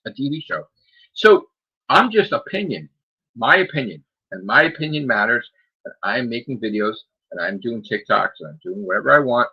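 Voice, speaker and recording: A man's voice: mid-range voice, vocal fry, breathy edge, highs cut off. A man hosting a gaming podcast, ranting defiantly and sarcastically, firing off rhetorical questions. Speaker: podcast host. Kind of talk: solo rant on a gaming podcast.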